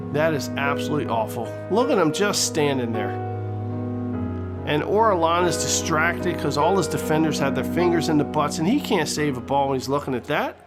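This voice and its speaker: A man doing comedic play-by-play commentary over his football video game, excitable and crude, shouting on big plays. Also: a little high. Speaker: gaming commentator.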